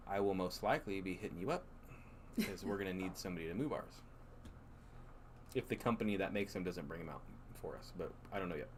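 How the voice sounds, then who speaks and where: A man's voice: fairly low pitch, a little hiss or hum. Joking man chatting on a live stream. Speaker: co-host. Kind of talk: casual live-stream chat.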